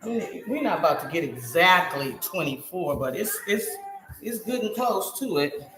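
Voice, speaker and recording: A hoarse middle-aged woman talks straight to her viewers as she bakes, her pitch swinging up and down as she exclaims to herself. The room rings with echo, and music plays underneath her. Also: big pitch swings, moderate pace, fairly bright tone. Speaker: home baker streaming live. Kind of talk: chatty live cooking stream. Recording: echoey room with music behind.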